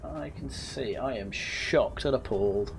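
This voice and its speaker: A man's voice: medium pitch, unhurried, vocal fry, slight background noise. Young northern English man rambling while gaming. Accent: northern English, slightly posh. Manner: rambling anecdotes with frequent laughs and self-corrections. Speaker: gaming channel host. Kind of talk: casual let's-play chat.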